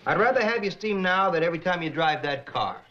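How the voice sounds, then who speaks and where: A man's voice: a little high, lively intonation, quick pace, natural voice. A man in his thirties playing a wisecracking, flustered radio disc jockey in a 1960s sitcom. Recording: lo-fi 1960s TV audio, hiss.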